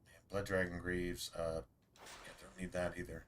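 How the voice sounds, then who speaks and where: A man's voice: sits low, little pitch movement, normal speed, slight background noise. A man streaming a video game, chatting casually in a rambling way, full of restarts and asides. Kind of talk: casual chat while streaming gameplay.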